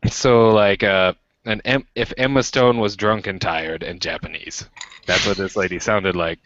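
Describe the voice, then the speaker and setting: This young American man, a podcast co-host, tells a story casually on a live-streamed chat show, his unhurried voice coming through dull audio with a noisy background. He's animated, acting out what people said with sudden pitch jumps.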